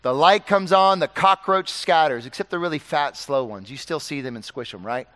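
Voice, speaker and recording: A man preaching a sermon, swinging from loud urgent pleading to quiet earnest warnings. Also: on the high side, moderate pace, long reverb tail.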